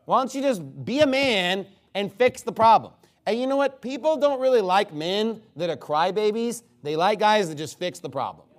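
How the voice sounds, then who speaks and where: Animated high-voiced male preacher. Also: moderate pace, few pauses. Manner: animated, mocking impressions of crying. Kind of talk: expository sermon.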